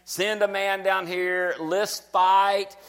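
Bragging giant warrior, higher-pitched voice, mocking challenge, voiced by a preacher mid-sermon. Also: male voice, little pitch movement, slow pace, fairly bright tone. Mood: taunting. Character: boastful giant male warrior taunting the enemy.

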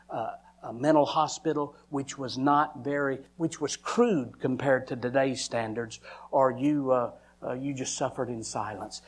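A man's voice: mid-range voice, breathy edge. Man preaching a dramatic testimony. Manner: dramatic storytelling, acting out his own cries. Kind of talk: testimony sermon.

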